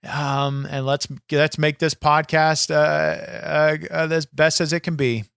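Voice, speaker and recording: A man's voice: a little high, little pitch movement, slow pace, fairly bright tone, clean tone, no echo, clean studio sound. A man hosting a comedy wrestling podcast, talking brashly and swearing freely. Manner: brash, swears freely, hard-selling promo tone. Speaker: podcast host.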